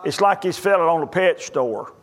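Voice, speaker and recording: A man's voice: a little high, lively intonation, normal speed. A man preaching a sermon, telling folksy stories and plain jokes between scripture readings.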